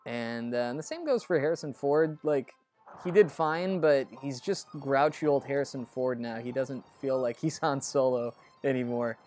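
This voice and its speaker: A man's voice: mid-range voice, moderate pace, darkish tone, soft background music. Chatty man rambling over a retro game. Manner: chatty and rambling, curses under his breath at the game. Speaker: let's play host. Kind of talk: casual gameplay commentary.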